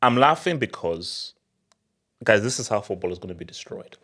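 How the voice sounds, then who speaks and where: A young man hosting a football channel, talking in an excitable, laughing rant. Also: on the low side, normal speed. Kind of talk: animated football commentary vlog.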